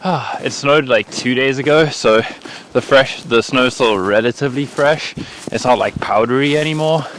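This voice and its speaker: A man's voice: medium pitch, moderate pace, fairly bright tone, a little hiss or hum. A young man from South Africa giving casual, upbeat winter hiking tips in a vlog, full of "like" fillers. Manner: chatty and upbeat, with many "like" fillers. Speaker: vlogger.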